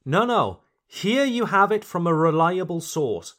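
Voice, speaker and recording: A man's voice: high-pitched, very animated, a little slow, fairly bright tone. A man, a native English speaker, hosting a podcast pronunciation lesson, speaking carefully and repeating words for learners. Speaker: English teacher and podcast host.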